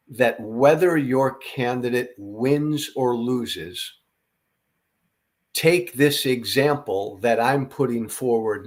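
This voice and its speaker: A middle-aged man delivers a political commentary monologue at a slow, deliberate pace, his voice tired after a night without sleep. He speaks earnestly and emphatically, blunt enough to throw in the odd swear word. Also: mid-range voice. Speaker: podcast host.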